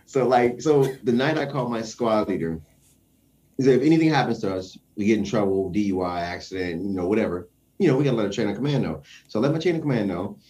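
Animated storytelling man, lowish voice. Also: quick pace. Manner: animated, acts out quoted voices, chuckles often. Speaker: guest telling a story. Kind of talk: casual storytelling in conversation.

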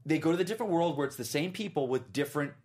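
A man's voice: fairly high pitch, expressive, rapid-fire, a little mellow. A man co-hosting a casual panel chat about TV, explaining things with rambling enthusiasm. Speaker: TV podcast co-host.

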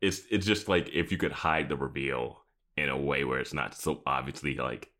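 A man's voice: a bass voice, normal speed, bright, forceful tone. A man co-hosting a podcast, chatting casually about a TV episode and often laughing mid-sentence. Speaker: podcast co-host. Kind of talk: casual chat recapping a TV episode.

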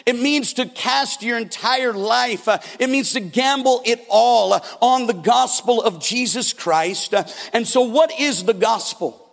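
Pastor, male, high and gravelly, storytelling sermon in a reverberant church hall. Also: unhurried, hardly any pauses, a bit bright. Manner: storytelling preacher, acts out quotes with big shifts.

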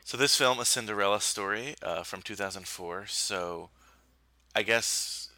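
A man's voice: lowish voice, measured pace, dry recording. A man hosting a podcast in casual chat, talkative and laughing often. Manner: chatty, laughs often, lively delivery. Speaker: podcast host.

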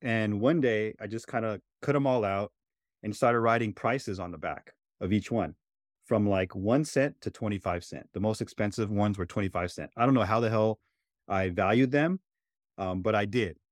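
Low-voiced man telling a story. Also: moderate pace, dry recording, studio quality. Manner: reflective, many fillers like "right?" and "you know". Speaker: podcast co-host. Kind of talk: casual storytelling chat.

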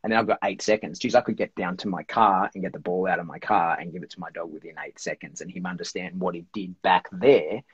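A very low-voiced, husky man talks through dog training as an interview guest, rambling and leaning on "like" and "right?". The recording sounds dull and lo-fi. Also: fast, few pauses, dry recording. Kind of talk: casual explanatory interview talk.

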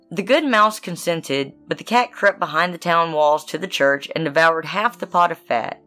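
A woman's voice: fairly low pitch, moderate pace, hardly any pauses, bright, forceful tone, faint music behind. Wry woman reading tales. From Southern United States. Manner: wry, laughing, blunt asides. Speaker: podcast co-host, reader. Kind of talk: reading fairy tales with joking asides.

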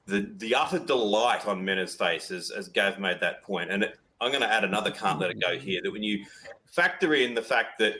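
Bright-voiced teasing male co-host. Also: lowish voice, rough recording. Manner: teasing, playful, quick banter. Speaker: podcast co-host. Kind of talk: casual cricket podcast chat.

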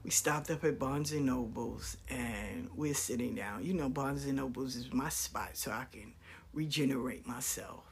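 A woman's voice: very deep voice, moderate pace, slight background noise. A woman in her fifties telling stories in a casual, blunt, profane way, acting out the people she quotes. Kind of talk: casual storytelling rant.

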